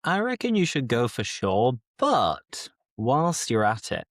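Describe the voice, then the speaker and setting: A man's voice: medium pitch, wildly swooping pitch, slow pace, no echo, clean studio sound. A young English man hosting a podcast for learners, chatting casually and explaining words with enthusiasm. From England. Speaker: English teacher and podcast host.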